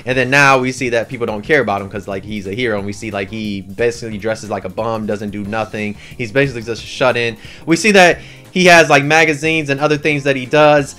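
A man giving a casual anime review with a slangy, excitable, rambling way of telling the story. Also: mid-range voice, quick pace, soft background music.

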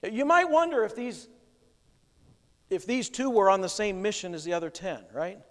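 A male pastor with a high, fairly bright voice preaches at normal speed in a church sanctuary. He lays out scripture with emphatic, plain conviction, and the recording carries a long church reverb.

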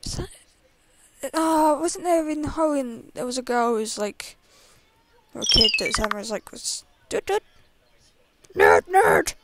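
A woman's voice: high-pitched, normal speed. A woman playing a video game, chatting casually and reading the in-game dialogue aloud. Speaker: let's play gamer. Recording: loud background noise.

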